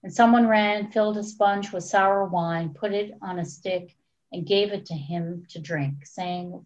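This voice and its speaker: A woman church leader giving a solemn, measured scripture reading. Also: mid-range voice. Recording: dull lo-fi recording.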